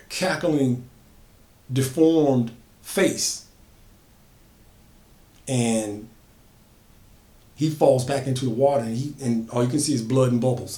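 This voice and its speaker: A man's voice: medium pitch, mellow. A man casually telling an original horror story, building emphasis by repeating phrases. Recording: echoey room.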